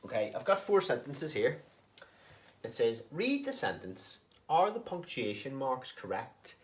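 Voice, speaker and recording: A man's voice: medium pitch, huge pitch swings, a little slow. A man teaching a recorded online lesson to young children, patient and sing-song, with questions that rise at the end. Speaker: primary school teacher.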